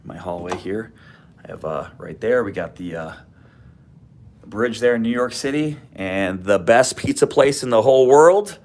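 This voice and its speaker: A man hosting a casual livestream from his home office, greeting viewers with easygoing slang. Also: low-pitched. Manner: laid-back, greets viewers with slang like homie and brother. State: a bit out of breath. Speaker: livestream host.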